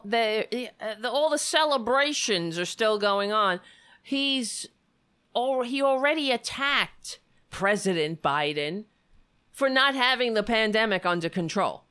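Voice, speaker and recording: A woman's voice: fairly high pitch, a bit bright, clean tone. A woman hosting a heated political commentary show, talking in an indignant, sarcastic way and swearing freely.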